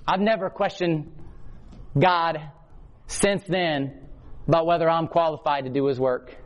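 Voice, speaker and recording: Brief: man, high voice, prison-ministry preacher, impassioned sermon delivery, hushed lows to loud peaks. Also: fairly even intonation, a little slow, pauses often, lo-fi sound. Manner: impassioned, swings from low hush to loud emphasis. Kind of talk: sermon testimony. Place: hotel or church meeting room before a congregation.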